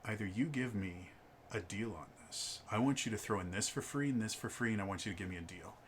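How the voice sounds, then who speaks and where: A man voicing a pushy middle-aged father who talks low and hushed while demanding a deal in an anecdote. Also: quick pace, slight background noise, natural voice.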